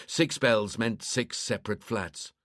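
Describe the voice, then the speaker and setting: A man reading a crime thriller audiobook in a steady, measured narration. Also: on the low side, no room sound, studio quality.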